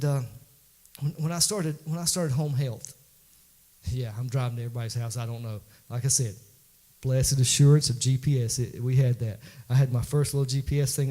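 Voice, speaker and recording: A man's voice: medium pitch, darkish tone. A man, a pastor preaching a folksy, conversational sermon in a church that builds to emphatic peaks.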